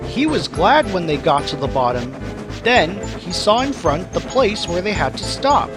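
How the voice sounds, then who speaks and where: Lively, high-voiced male storyteller. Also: normal speed, poor audio. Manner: lively, expressive reading. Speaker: narrator. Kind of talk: storybook narration. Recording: music playing behind.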